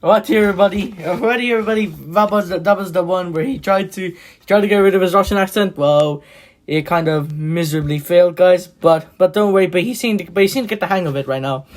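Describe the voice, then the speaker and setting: Fast-talking high-voiced man, rambling. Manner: rambling with many fillers and restarts. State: hoarse. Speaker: reaction video host. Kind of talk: casual reaction commentary.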